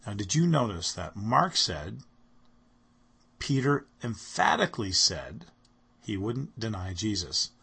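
A man's voice: on the low side, big pitch swings, slow, gravelly, bright, forceful tone, slightly rough. A man delivering a sermon, speaking earnestly and reading scripture aloud with rising emphasis. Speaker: preacher.

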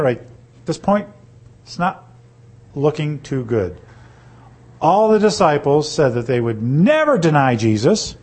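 A man reading scripture aloud and teaching on it, pausing to ask his listeners rhetorical questions. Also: mid-range voice, a little mellow, breathy edge. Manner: reads slowly, then explains with rhetorical questions. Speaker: Bible teacher.

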